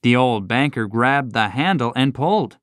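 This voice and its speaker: A man narrating a classic short story for children in a slow, expressive scripted reading. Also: mid-range voice, no room sound, studio quality.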